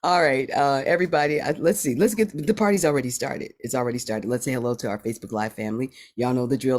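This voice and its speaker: A man's voice: medium pitch, quick pace, few pauses, darkish tone. Playful man greeting a live stream. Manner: upbeat, playful, punning, greets viewers by name. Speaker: host of an online sing-along.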